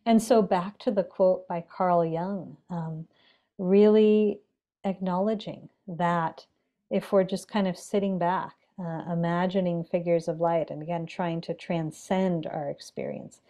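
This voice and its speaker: A woman who is a meditation teacher, speaking as a podcast guest in a measured, gentle, reflective way with pauses and fillers. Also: fairly low pitch, fairly even intonation.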